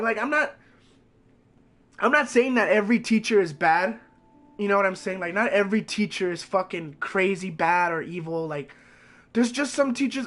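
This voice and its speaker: Young man rambling, high-voiced. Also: a bit bright. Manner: rambling, profane storytelling. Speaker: game streamer. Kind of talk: casual stream chat.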